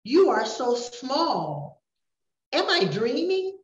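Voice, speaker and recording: Grandmother doing a scared little boy, high thin voice, echoey room. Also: very animated, extremely slow, heavily acted. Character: young human boy, scared and tearful. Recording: roomy, dull recording.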